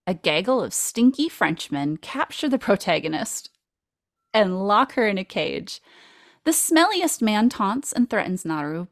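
Woman host, casual film recap, playful and jokey, animated pitch, dry sound. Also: dry recording. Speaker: podcast host.

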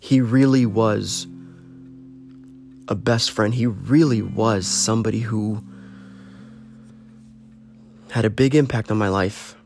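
Earnest man pleading softly over faint guitar. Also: on the low side, slow pace, gravelly, long pauses. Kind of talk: personal heartfelt monologue. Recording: faint guitar music behind.

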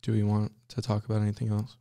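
A man's voice: lowish voice, completely flat delivery, fast talker, mellow. A young man co-hosting a casual podcast chat, blunt and swearing freely. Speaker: podcast co-host.

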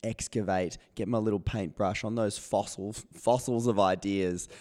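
Hoarse, lowish-voiced man, casual solo podcast host, joking at his own expense. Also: fairly even intonation, measured pace, dark tone. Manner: chatty, self-mocking and playful. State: hoarse, voice not working properly.

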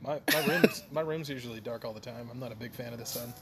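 A man's voice: mid-range voice, fast talker, creaky. A man co-hosting a podcast in casual chat, hesitant and repeating words as he goes. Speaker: podcast co-host.

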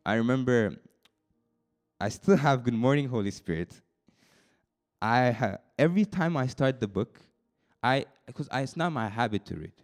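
Speaking at a moderate pace broken by long pauses, a young man preaches to a youth group. He alternates between a hushed, confiding voice and high, excited surges, often doubling back to repeat words or restart a line.

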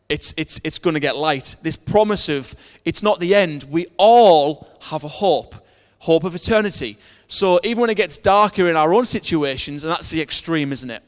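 A man's voice: fairly high pitch, fairly bright tone, big-room sound. A man preaching a sermon in earnest, telling a personal story and reading verses aloud, with frequent restarts.

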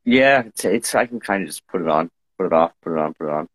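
A man with a fairly low voice hosts a casual livestream chat. He jokes and puts himself down. He sounds a little stuffed up from hay fever. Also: lively intonation, fast talker, fairly bright tone, slightly rough, poor audio. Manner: joking, self-deprecating. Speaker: host. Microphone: Instagram Live stream.

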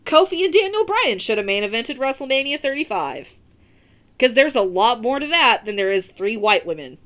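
A woman hosting a podcast, ranting casually and swearing freely as she gives her opinions. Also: on the high side. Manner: profane, animated ranting. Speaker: podcast host.

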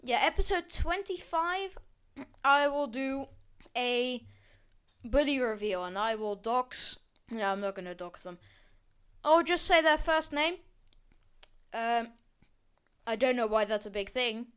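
A woman's voice: on the high side, animated, a little slow, pauses often, fairly bright tone, clear, resonant tone. A teenage girl hosting her own podcast, rambling and sarcastic, swearing and backtracking as she rants. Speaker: podcast host. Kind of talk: casual solo podcast rant.

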